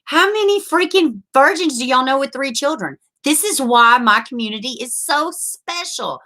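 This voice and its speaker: A woman's voice: sits high, expressive, normal speed, bright, forceful tone. A woman, hosting a casual livestream, chatting with viewers, laughing often and swearing freely. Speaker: livestream host reading viewer comments.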